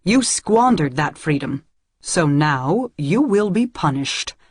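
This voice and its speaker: A woman reading an audiobook, voicing a harsh, cruel female guard commander who gives slow, barking orders. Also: fairly low pitch, animated, slightly rough, no echo, clean studio sound. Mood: cold.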